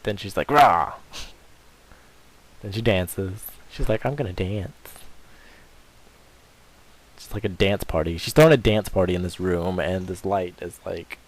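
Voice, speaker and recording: A gameplay commentator rambles through a casual let's-play, cracking crude jokes over his video game. His voice sits low and a little mellow, and he never hurries.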